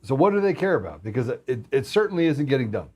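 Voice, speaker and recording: A man's voice: mid-range voice, big pitch swings, fast, darkish tone, breathy edge. A man talking as a podcast guest in casual chat, blunt and heated, with some swearing.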